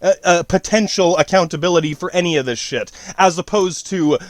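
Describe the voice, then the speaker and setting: This podcast host speaks briskly in a high-pitched voice with no echo, talking alone in a rambling monologue. He curses, uses slang, drifts off on tangents and keeps starting his sentences over.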